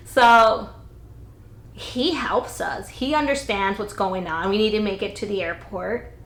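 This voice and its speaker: A woman's voice: medium pitch, gravelly, fairly bright tone, slight background noise. A young woman vlogger telling a casual, blunt storytime with some swearing, recorded indoors on a camera-mounted mic. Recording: roomy echo.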